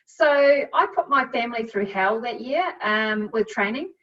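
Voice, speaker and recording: A chatty middle-aged woman with a New Zealand accent tells her story at a fairly high pitch. She sits a little back from the mic, and the recording sounds muffled and dull. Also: lively intonation, measured pace, a bit bright. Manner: chatty, laughs often, many fillers. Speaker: guest, cycle coach. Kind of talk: casual storytelling. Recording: dull, a bit distant from mic.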